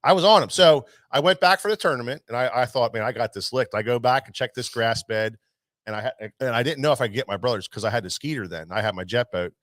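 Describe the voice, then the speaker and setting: Speaking fast in a fairly bright, mid-range voice, this man runs a tackle shop and hosts a show. He drifts through a lengthy fishing tale in easygoing conversation, often starting over, and the recording is dry.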